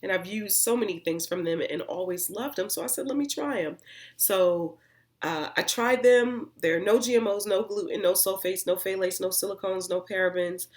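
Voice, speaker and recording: A woman's voice: medium pitch, fairly even intonation, moderate pace. A woman vlogger giving a casual, chatty, rambling review of her used-up skincare products. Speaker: beauty vlogger.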